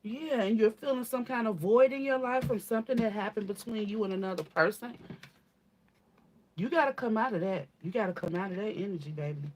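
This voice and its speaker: Speaking fairly quickly in a medium-pitched, darkish voice over slight background noise, a woman channels a spiritual reading for viewers. She keeps it casual and blunt, swears, says "baby," and hammers points home by repeating them and asking "okay?"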